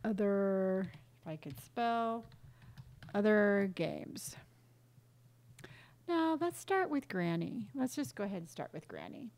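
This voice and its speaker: A woman's voice: mid-range voice, sing-song, slow pace, pauses often, darkish tone. A woman streamer chatting casually with her viewers while starting a game, greeting each one by name and yelping when startled. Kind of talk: casual live-stream chat while gaming.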